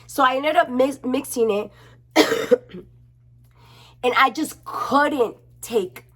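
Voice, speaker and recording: A woman's voice: sits high, slow. Chatty, cussing young woman vlogger. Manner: chatty and expressive, swearing freely. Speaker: beauty vlogger. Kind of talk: casual chat to camera.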